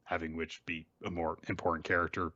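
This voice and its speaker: Low-voiced man, dull lo-fi sound. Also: flat delivery, brisk, bright, forceful tone. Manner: thoughtful, rambling with fillers. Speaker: podcast co-host. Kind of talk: casual critical chat.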